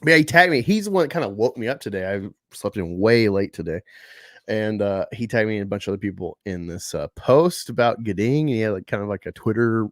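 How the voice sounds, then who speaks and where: Seated at a table in a room at home, a man hosts a casual live stream about comic books in a fairly low, animated voice that moves fast. He rambles, swears freely and leans on sarcasm, and the recording is studio quality with no room sound.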